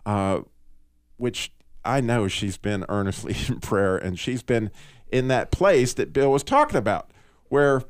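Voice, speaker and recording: Man, radio host, earnest animated storytelling, dry studio sound. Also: mid-range voice, no echo. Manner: earnest, animated storyteller with restarts and small laughs. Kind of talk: Christian radio talk, storytelling.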